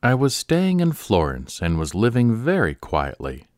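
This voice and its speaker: A man hosting a short-story podcast, reading in a measured, expressive narration on a close studio mic. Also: on the low side, dry recording. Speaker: podcast host and story reader. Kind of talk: scripted narration.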